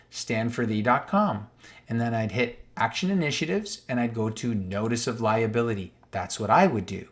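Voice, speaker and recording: Emphatic man walking through a legal text. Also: mid-range voice. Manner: emphatic and repetitive, stressing key words; reads passages aloud, then restates them plainly. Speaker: online commentator. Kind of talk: explaining a legal document while scrolling on screen.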